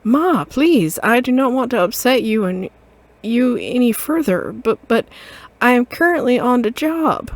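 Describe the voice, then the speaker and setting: A woman's voice: high voice, sing-song, takes it slowly, few pauses, pitched above the performer's own voice, heavily acted. A woman voicing a grown tomcat bully who stammers and pleads nervously with his mother in a game. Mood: pleading. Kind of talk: game voice acting.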